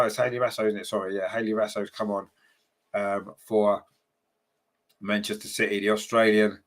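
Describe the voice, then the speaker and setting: A man's voice: fairly low pitch, fairly bright tone. A man hosting a fan watchalong, giving partisan match commentary and reading viewer comments aloud, chatty with lots of ums and tag questions.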